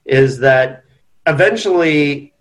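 A man's voice: a little high, expressive, takes it slowly. A man co-hosting a podcast, discussing a novel in casual chat, thinking aloud with earnest restarts. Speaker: podcast co-host.

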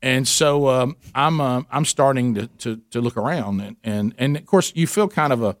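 A man's voice: mid-range voice, moderate pace, no echo. Middle-aged guy on a radio show telling a story, dry close sound, does little voices. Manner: animated, acts out voices in his story. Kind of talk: casual storytelling chat.

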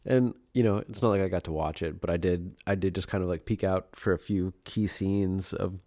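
Deep-voiced laid-back man, podcast co-host. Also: steady tone, a little fast, mellow. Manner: laid-back, brief agreeing replies. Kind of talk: casual chat.

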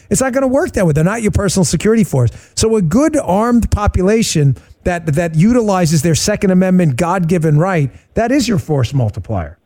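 A man's voice: high-pitched, expressive, a little fast, few pauses, dark tone. A man hosting a talk radio interview, talking emphatically with a sarcastic edge. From New York. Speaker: host.

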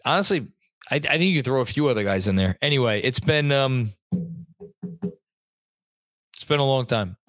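Young man, sports stream host, rambling and chatty, dry close sound, middle pitch. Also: animated, moderate pace, long pauses, a bit bright, no echo. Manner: rambling, frequent restarts and swearing, chatty. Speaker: sports podcast host reading viewer comments. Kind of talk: casual live-stream chat. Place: home room at a computer.

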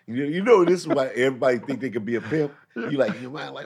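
A man's voice: mid-range voice, a little fast, husky. A man, a comedian, telling a story in casual chat and voicing the people in it. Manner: laid-back, drops into loud impressions.

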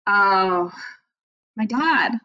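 A woman from near Pittsburgh, a TV sports reporter, answering interview questions in a relaxed way with easy laughs over a remote call. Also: mid-range voice, extremely slow, no room sound, highs cut off. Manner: relaxed, laughing easily, lots of fillers. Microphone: remote computer call.

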